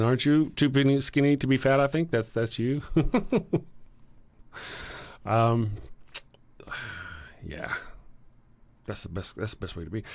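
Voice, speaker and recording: Speaking with a Texan accent at medium pitch, this livestream host from Texas rambles through a laid-back stream. He welcomes viewers, haltingly reads out their comments, and chuckles frequently.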